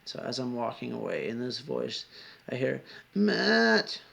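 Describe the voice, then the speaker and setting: Brief: rambling confessional vlogger, man, very gravelly voice, lots of swearing. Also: medium pitch, lively intonation, normal speed. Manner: rambling, heavy swearing, frequent asides. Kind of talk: confessional storytelling vlog.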